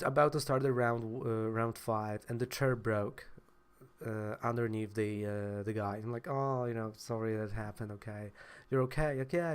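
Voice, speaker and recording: A young man with a Polish accent, telling a casual storytime rant about a card tournament, animated and swearing, acting out both sides of the argument. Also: medium pitch. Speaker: card game vlogger.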